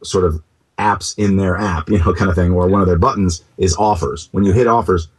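A man talking as a startup co-founder in an interview. He is animated and keeps restarting his sentences, and he throws in comic asides. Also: deep voice, brisk, breathy edge. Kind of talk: casual interview talk.

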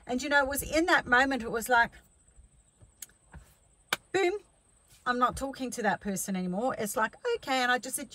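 A woman's voice: on the high side, moderate pace, long pauses, pushed and bright, no room sound, rough recording. A middle-aged woman life coach giving a chatty motivational talk, telling stories with many restarts.

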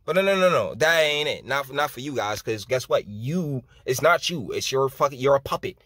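A man's voice: mid-range voice, lively intonation, moderate pace, bright, forceful tone, no echo. A man hosting his own channel, ranting in political commentary with profane, scornful heat.

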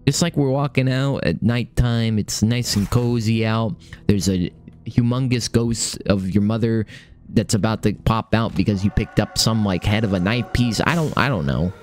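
A young man commentating his own game run, excitable and swearing, talking to himself. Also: fairly low pitch, moderate pace, faint music behind. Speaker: gaming streamer. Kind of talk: live let's-play commentary.

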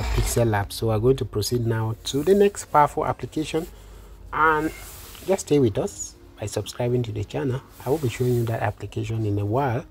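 A man calmly talking through a phone design tutorial step by step, with many fillers. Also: medium pitch, slight background noise. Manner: calm step-by-step instructions with frequent fillers. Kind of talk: screen-recorded software tutorial.

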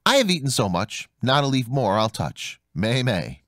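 Guy doing a spiteful little nanny goat, bleaty sing-song rhymes, lots of pitch swing. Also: sing-song, moderate pace, a bit bright, no room sound, clean studio sound. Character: wicked lying nanny goat, sly and spiteful.

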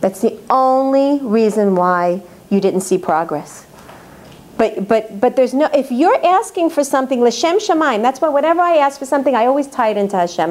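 A woman's voice: sits high, animated, moderate pace, a little mellow. A woman giving a religious lecture to an audience, earnest and emphatic, repeating words for stress. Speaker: lecturer on faith.

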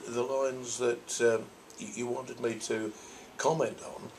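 An older man from Norfolk talks at a middle pitch, picking his words slowly and circling back with restarts. He is a priest answering questions from an audience, thoughtful and unhurried. A faint hiss of ambience runs beneath him. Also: flat delivery, darkish tone. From Norfolk, England. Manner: thoughtful, rambling, with frequent restarts. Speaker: priest and convention guest.

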